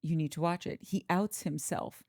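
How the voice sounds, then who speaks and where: Gushing, animated woman co-host. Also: low voice, dry recording, clean studio sound. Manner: animated, gushing, quick exclamations. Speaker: podcast co-host. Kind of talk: casual chat.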